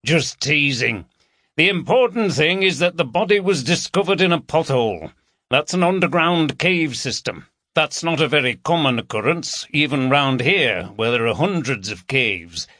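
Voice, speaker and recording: A man's voice: fairly high pitch, lively intonation, pushed and bright, dry recording, clean studio sound, pitched above the performer's own voice. A man voicing a jovial, teasing male chief inspector with a Yorkshire accent. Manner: hearty, teasing, brisk.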